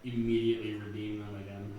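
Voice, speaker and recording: A man's voice: fairly low pitch, level tone, fast, lo-fi sound. A man adding laid-back, joking color commentary beside the main caster.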